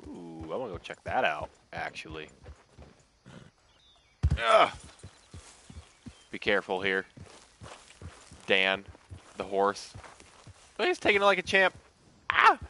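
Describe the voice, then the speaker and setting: A man's voice: low voice, big pitch swings, unhurried, long pauses, pushed and bright, slight background noise. A man streaming a game live, chatting casually, swearing and talking to the animals on screen. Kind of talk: live gameplay commentary.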